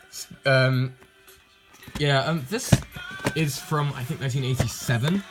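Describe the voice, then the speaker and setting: Speaking in a medium-pitched, steady, unhurried voice with frequent pauses, a young man from England gives a relaxed show-and-tell of his tapes. He wanders off topic, fixes his own slips, and drops dry remarks as music plays.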